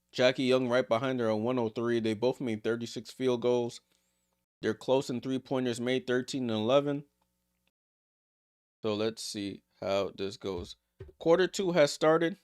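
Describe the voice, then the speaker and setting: A man streaming a live watchalong, giving casual play-by-play and chatting with viewers, voice jumping up on big plays and dropping low for side remarks. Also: a little slow, clear, resonant tone. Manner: excitable, rises in pitch on big plays, drops low and quiet for side remarks; chatty, laughs and talks to the chat. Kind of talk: casual live play-by-play commentary with chat asides.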